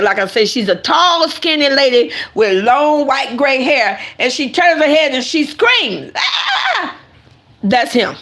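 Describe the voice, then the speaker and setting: A woman giving casual, emphatic commentary straight to her viewers as an online creator. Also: fairly high pitch. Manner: animated and emphatic, addresses viewers directly.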